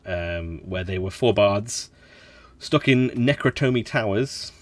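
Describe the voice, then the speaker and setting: A man hosting a relaxed let's play, chatting in a rambling way while he explores a game and laughs often. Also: on the low side, slow, no room sound. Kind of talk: relaxed gameplay commentary.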